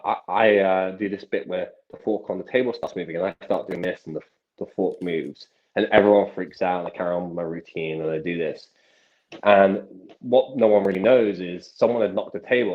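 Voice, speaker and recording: A young man, a magician telling stories from his life as a podcast guest, with animated delivery and frequent restarts. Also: low-pitched, brisk. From England. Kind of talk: casual podcast storytelling. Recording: dull lo-fi sound.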